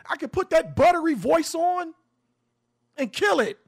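A man's voice: very high voice, expressive, fairly quick, vocal fry, fairly bright tone. A man who hosts a radio show, giving passionate social commentary in an emphatic, preachy way and swearing freely. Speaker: radio show host, guest on a podcast.

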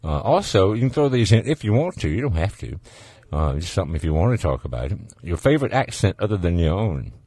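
Deep-voiced folksy Southern radio host. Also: male voice, sing-song, quick pace, hardly any pauses, darkish tone, breathy edge, no room sound. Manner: folksy, laid-back, chuckling. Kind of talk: casual call-in radio chat.

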